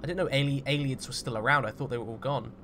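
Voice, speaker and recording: A man hosting a game roleplay, talking through it in a chatty, jokey way and getting loud and jumpy when startled. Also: mid-range voice, steady tone, quick pace, noisy background. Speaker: gaming roleplay host. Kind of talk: roleplay let's-play commentary.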